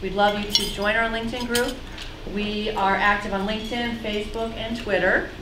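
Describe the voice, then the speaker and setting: A woman's voice: mid-range voice, steady tone, moderate pace, slight background noise. A woman giving friendly announcements to a dinner meeting about the chapter's resource table and social media. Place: echoey meeting room with dinner service. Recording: echoey room, loud clattering dishes.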